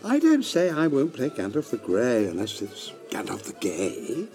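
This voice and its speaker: A man's voice: medium pitch, wildly swooping pitch, measured pace, over music. A man playing a pompous older male actor who scolds in a sweeping, theatrical voice. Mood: scolding. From Burnley, England.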